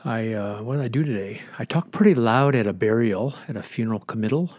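Middle-aged pastor guy a bit hoarse, husky, dry close studio sound, rambly radio chat. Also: lowish voice, brisk, a little mellow, dry recording. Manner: rambling, chatty, with self-corrections. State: slightly hoarse, losing his voice.

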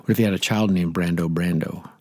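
Older male radio pastor, casual and digressive, husky tone, dry studio sound. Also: sits low, fairly even intonation, quick pace, mellow, no echo. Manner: chatty, rambling, jokey asides. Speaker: pastor and radio Bible teacher. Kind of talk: casual Bible teaching on air.

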